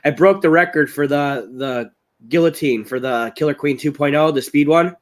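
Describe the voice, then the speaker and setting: An American man recovering from illness, telling stories in a rambling, excitable way on a live video call. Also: fairly high pitch, moderate pace. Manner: rambling, excitable storytelling, raises voice when recounting. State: ill, voice strained. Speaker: guest, chili-eating champion. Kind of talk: casual live-stream chat. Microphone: webcam on a live video call.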